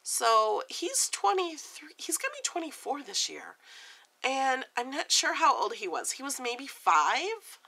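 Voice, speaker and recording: Woman in her forties, casual vlogger, lively sing-song delivery, gives advice. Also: on the high side. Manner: chatty, earnest, gives friendly advice. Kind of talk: casual chat to camera.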